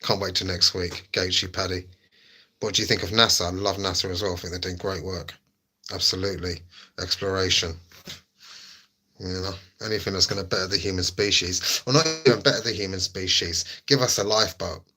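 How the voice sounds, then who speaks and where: A man's voice: deep voice, steady tone, brisk, bright, forceful tone, a little hiss or hum. Laid-back man chatting on stream. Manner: laid-back, jokey, reads chat aloud. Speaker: livestream host. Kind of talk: casual chat with viewers.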